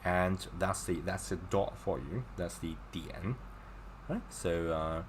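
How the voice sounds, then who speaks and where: Male tutor, unhurried, chatty and encouraging, walks through examples step by step. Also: low voice, steady tone, slight background noise. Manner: chatty, explains with gestures and repeated examples. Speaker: Chinese teacher. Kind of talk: casual online language lesson.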